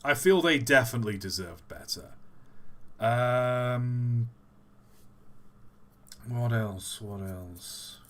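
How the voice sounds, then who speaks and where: A man's voice: mid-range voice, expressive, slow, pauses often, fairly bright tone. Hesitant man thinking aloud on stream. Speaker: livestream host. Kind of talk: casual live-stream Q&A.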